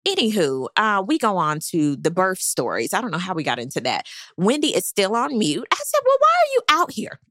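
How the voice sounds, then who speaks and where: A woman's voice: lowish voice, sing-song, fairly quick, a bit bright, no echo, clean studio sound. A woman hosting a casual, sassy recap of a reality show, gossiping with laughing asides.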